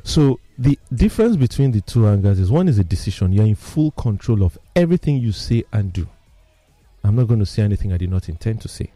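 A man, telling personal stories in casual talk as he explains a topic, animated and emphatic. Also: lowish voice, fairly quick, dry recording, faint music behind. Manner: animated storyteller, lively and emphatic.

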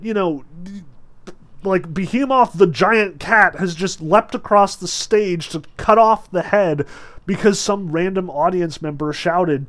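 A man teaching a novel in a casual, chatty lecture with many fillers, reading passages aloud and breaking them down. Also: sits high. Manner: animated and chatty, with frequent fillers. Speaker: literature teacher.

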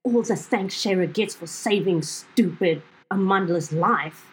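A woman's voice: medium pitch, unhurried, breathy edge, poor audio. A woman voicing a small, brash female goblin who speaks in slangy, blunt taunts. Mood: huffy.

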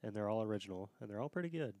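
A man's voice: on the low side, animated, racing, warm tone, no room sound. A man co-hosting a casual podcast, often restarting his sentences. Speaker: podcast co-host. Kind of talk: casual chat.

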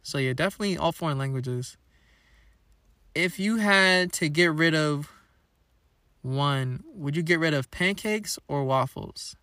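A young man rambles through questions on his own podcast, playful and full of slang. His voice sits a touch higher than most men's. The sound is close and dry, with no room echo. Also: a little slow, long pauses, bright, forceful tone. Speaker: podcast host. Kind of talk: casual solo podcast chat.

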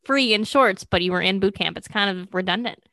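A woman hosts a casual podcast interview, reacting keenly and asking short follow-up questions. Her voice sits at a middle pitch. The sound is dry, with no room echo. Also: bright, forceful tone. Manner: engaged, quick to laugh and react. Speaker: podcast host.

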